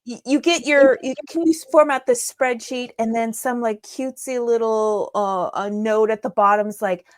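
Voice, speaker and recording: Fairly high-pitched and unhurried, this woman is heard in a dry, studio-quality recording. She's a digital marketing strategist appearing as an interview guest, walking through her methods step by step with enthusiasm in a conversational way.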